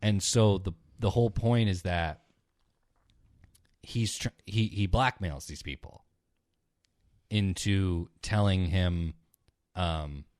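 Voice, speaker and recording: A man's voice: slow, long pauses, a little mellow, no echo, clean studio sound. A young man chatting casually on a podcast, retelling stories in a rambling way, swearing often and acting out the characters. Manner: rambling, swears a lot, acts out characters in a low mutter. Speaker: podcast co-host.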